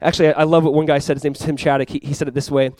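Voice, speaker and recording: A man preaches a sermon at a quick clip, bouncing between explanation and acted-out quotes. His voice sits a bit high for a man and sounds dry and close. He often repeats words as he builds momentum. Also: dry recording. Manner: animated, acts out quoted voices, repeats himself. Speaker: pastor.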